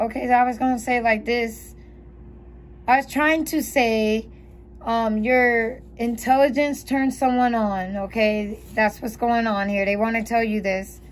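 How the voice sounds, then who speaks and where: A woman's voice: a little high, a little hiss or hum. A woman reading tarot cards aloud, chatty and giggly, thinking aloud as she goes. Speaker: tarot reader.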